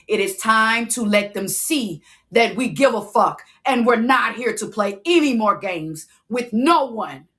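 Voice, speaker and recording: A high, bright woman's voice, ranting on a phone livestream. Her delivery is fiery and profane. She keeps pressing listeners with the same challenge again and again. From Southern United States. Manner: fiery, profane, keeps asking "you hear me". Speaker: livestream host.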